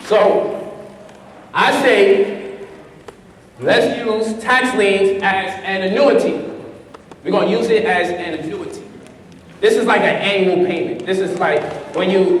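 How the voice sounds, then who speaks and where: A man with a high voice teaches a seminar and keeps pulling the room into it with questions and laughter. He sounds far from the mic, and his voice rings through a large echoey hall with a long tail. A faint hiss sits under everything. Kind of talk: live seminar talk.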